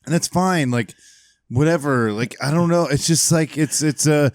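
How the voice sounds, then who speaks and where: A man's voice: on the high side, moderate pace, no echo, clean studio sound. A man co-hosting a podcast, talking casually and hesitantly, often trailing off mid-thought. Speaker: podcast co-host.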